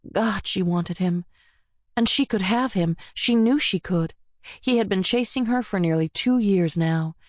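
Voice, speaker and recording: A woman reading a romance audiobook in an intimate, sultry manner, dropping at times to a soft whisper, on a close studio microphone. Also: mid-range voice, measured pace, no room sound. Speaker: audiobook narrator. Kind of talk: scripted romance narration.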